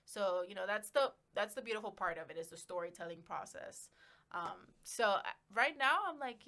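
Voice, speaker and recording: A woman's voice: on the high side, normal speed, bright, forceful tone. A woman journalist speaking as a guest on a casual podcast, chatty and rambling, with many fillers and laughs. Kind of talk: casual interview chat.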